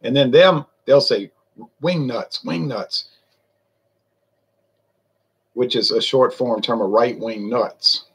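A man's voice: mid-range voice, slow, pauses often, husky. A man talking in a folksy, meandering way, with many fillers, while reviewing a drink on his vlog. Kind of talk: casual rambling monologue.

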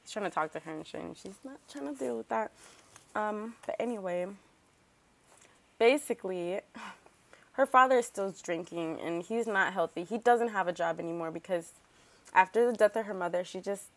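A woman's voice: medium pitch, normal speed, creaky, no room sound. A woman hosting a let's play, chatting casually and rambling through her gameplay with lots of filler words and remarks aimed at the characters. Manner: animated, talks back to game characters.

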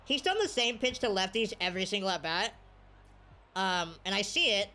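A woman commentating her own video game play, excitable and cheering on or scolding her players. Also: medium pitch, moderate pace, background noise. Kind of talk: casual gameplay commentary.

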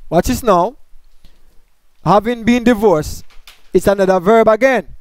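Male Bible teacher, high smooth voice, dry close sound; lectures by posing and answering his own questions. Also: unhurried, long pauses, no room sound. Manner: asks questions and answers them himself; explains grammar point by point.

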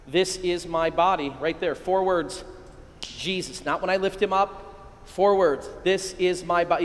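A middle-aged American priest giving an excitable, energetic keynote talk to a men's conference, with sudden loud bursts. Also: male voice, high voice. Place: large hall at a conference. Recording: echoey hall, long reverb.

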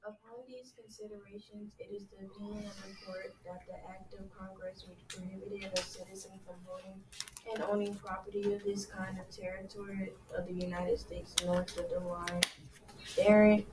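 A female student reading a legal passage aloud in class, haltingly, stumbling over a word. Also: mid-range voice, level tone. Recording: distant, echoey classroom with background noise.

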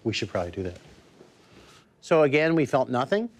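A man with a mid-pitched voice speaks in a plodding, earnest manner, treating a silly ghost hunt as serious business. His delivery is steady and even. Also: a little fast. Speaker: comic ghost hunter. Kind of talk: improvised comedy sketch.

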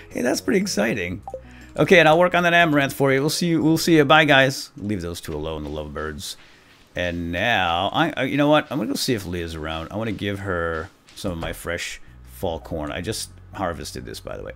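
A young man narrating his farming-game session in a loose, goofy way, with his voice leaping from squeaky highs to low mutters. His pitch swings wildly while he chatters, with soft background music. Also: big pitch swings, a little fast. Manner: playful, goofy, jumps between squeaky voices and mumbles. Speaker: let's play host. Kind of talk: casual gameplay commentary.

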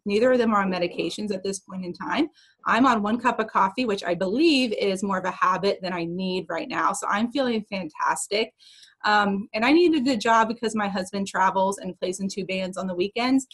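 A woman in her thirties on a video call, sharing her story with a team, earnest and emotional, rushing a little. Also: mid-range voice, a bit bright, rough recording. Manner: emotional, earnest, fast-talking. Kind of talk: casual personal testimony on a video call.

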